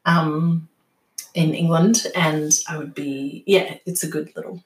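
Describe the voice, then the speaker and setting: Aussie woman, lowish voice, easygoing and laughing, sounds a bit echoey. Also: fairly even intonation, slow pace. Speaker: book podcast co-host. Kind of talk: casual chat about books.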